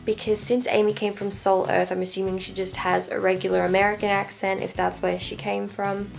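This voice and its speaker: A woman talks through her reading progress in a relaxed, rambling vlog, just out of bed and leaning on fillers as she thinks aloud. Her mid-pitched voice carries a gravelly edge, with soft music faintly behind her. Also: brisk. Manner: chatty and rambling, full of "like" fillers. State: just woken up. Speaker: book vlogger. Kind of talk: casual reading update.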